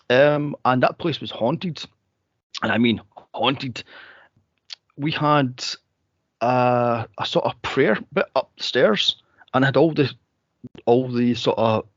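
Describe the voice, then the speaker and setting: A man co-hosting a casual movie podcast, telling stories and acting out scenes with sudden high squeals. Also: dry recording, highs cut off. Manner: animated storyteller, acts out scenes in high squeals. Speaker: podcast co-host.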